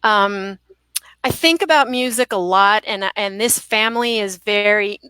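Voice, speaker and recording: Woman author from Southern California, casual chat, quick laughs, restarts, middle pitch, dry sound. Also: sharp tone, clear, resonant tone, no room sound. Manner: chatty, laughs often, frequent restarts. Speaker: guest romance author. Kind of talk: book reading and casual interview chat.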